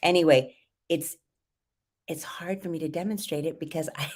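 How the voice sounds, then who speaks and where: A middle-aged woman coach with a trained, low-pitched voice. She talks lively and demonstrative, acting out sounds to teach. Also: normal speed. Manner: lively, demonstrative, exaggerates vocal fry and sung phrases to teach. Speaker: voice and confidence coach. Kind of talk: live coaching tips.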